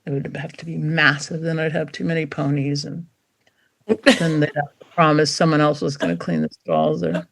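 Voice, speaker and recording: A woman's voice: deep voice, moderate pace. A middle-aged woman, a dog trainer, chatting in an interview and acting out what dogs think in playful voices. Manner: animated, acts out dogs' thoughts in playful voices. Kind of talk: casual interview chat.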